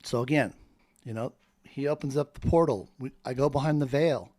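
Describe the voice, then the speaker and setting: A man's voice: medium pitch, moderate pace, a little mellow, dry recording. A man in a fervent, preacher-like monologue that rambles from point to point. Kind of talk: spoken monologue.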